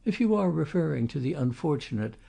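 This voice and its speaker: A cultured, coolly polite older gentleman, as a man reading puts him on. He speaks in measured, refined phrases with a dark, husky, gravelly voice. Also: on the high side, expressive, pitched above the performer's own voice, exaggerated voice. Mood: aloof. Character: refined, aloof older gentleman come down in the world.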